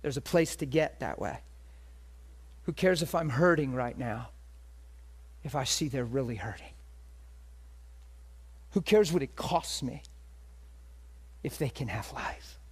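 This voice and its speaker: Animated male preacher telling a story. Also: medium pitch, measured pace, long pauses, slightly rough. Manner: animated storytelling, swings between loud and hushed. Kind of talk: sermon.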